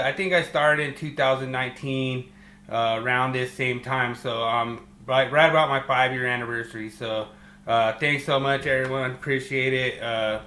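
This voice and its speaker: A male podcast host giving upbeat, thankful shout-outs in casual chat. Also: medium pitch, roomy sound.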